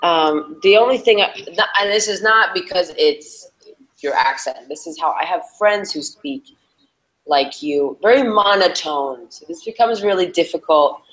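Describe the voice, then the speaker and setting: A woman's voice: fairly low pitch, a little slow, rough recording. Chatty young woman teaching English. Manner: chatty, lively intonation, says she changes tone all the time. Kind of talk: casual conversation lesson.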